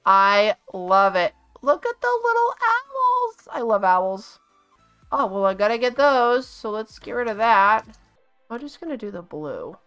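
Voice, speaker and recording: A woman hosting a casual game video, gushing and excitable, often gasping and laughing as she talks. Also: medium pitch, a little slow, clean tone, faint music behind. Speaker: gaming channel host.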